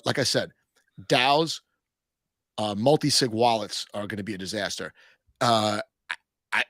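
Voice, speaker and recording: A man's voice: medium pitch, a bit bright, no echo, clean studio sound. A man hosting a casual talk show, speaking bluntly and rambling with frequent restarts. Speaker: podcast host. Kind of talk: casual crypto chat.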